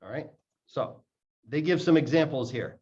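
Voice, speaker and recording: A man's voice: on the high side, expressive, dark tone. A man teaching English pronunciation, explaining step by step and repeating words to show how they link. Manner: repeats words slowly to demonstrate sounds. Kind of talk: explaining lesson, slow and deliberate. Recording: dull lo-fi audio.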